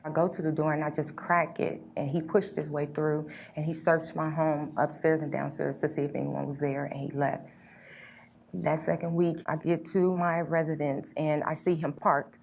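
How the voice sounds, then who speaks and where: Low gravelly woman telling her story. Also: level tone, moderate pace, darkish tone, slight background noise. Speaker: guest sharing her story. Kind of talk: emotional personal testimony.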